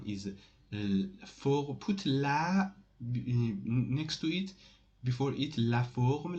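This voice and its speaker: Halting male French teacher, slightly muffled. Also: mid-range voice, darkish tone. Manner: halting, with many fillers and restarts, repeating example sentences. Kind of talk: casual spoken language lesson.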